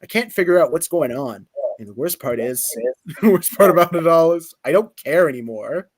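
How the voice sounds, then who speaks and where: A man's voice: on the high side, lively intonation, moderate pace, no room sound. A man voicing a bitter, jaded young superpowered villain in a put-on accent, in a weary, mocking monologue.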